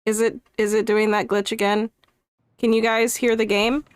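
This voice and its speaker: A woman streamer chatting casually on a live charity stream, excitable, laughing often and breaking into loud outbursts. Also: on the high side, normal speed, clean tone, no room sound.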